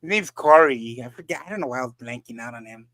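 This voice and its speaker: A man's voice: medium pitch, animated, fast, a bit bright, no echo, clean studio sound. A man hosting a casual live panel, rambling and groping for names as he talks. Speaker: livestream panel host. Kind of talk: casual chat.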